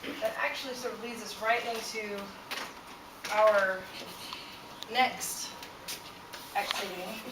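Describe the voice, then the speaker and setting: A woman's voice: medium pitch, fairly even intonation, slow pace, long pauses. Woman leading a classroom workshop, echoey and distant. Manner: conversational, many "um" fillers, asks the group questions. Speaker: workshop presenter. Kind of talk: explaining a stress workshop to students. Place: university classroom. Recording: echoey room, far from mic, loud background noise.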